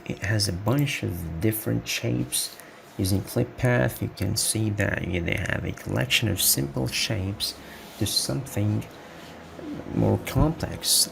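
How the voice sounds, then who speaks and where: Guy walking thru css in a screencast, slow and halting, low gravelly voice, bit of hiss behind. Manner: unhurried, halting explanation with restarts. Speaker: web development tutor. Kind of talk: screencast coding tutorial.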